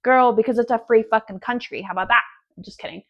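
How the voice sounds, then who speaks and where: A woman's voice: a little high, fast talker, muffled recording. Young woman, twenties, casual solo podcast, sassy, cusses a lot, rambling chat. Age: 20s. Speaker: podcast host. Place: at home in her apartment.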